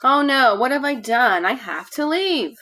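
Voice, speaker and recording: A woman's voice: high voice, animated, unhurried, sharp tone, exaggerated voice. A woman voicing a curious, impulsive little girl in a children's story, breezy and childlike. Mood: alarmed.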